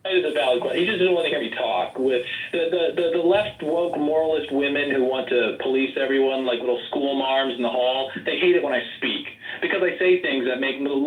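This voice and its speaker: A man giving a forceful, rambling campaign pitch in a group voice chat and talking over people who interrupt him. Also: a little fast, hardly any pauses, reverberant, narrow, tinny audio. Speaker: political candidate.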